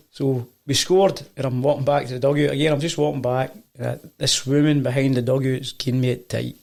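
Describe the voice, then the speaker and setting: A Scottish football coach rattling through an anecdote in quick speech. His voice is gravelly, and he acts out the people he quotes. The tone is casual and chatty. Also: medium pitch. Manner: animated anecdote-telling, acting out quoted voices. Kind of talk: casual storytelling.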